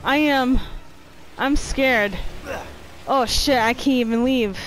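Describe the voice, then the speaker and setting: A woman narrating a horror game as she plays, swearing a lot and moving from flat muttering to panicked yelps. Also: sits high, slow pace. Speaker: gamer. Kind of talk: let's play commentary.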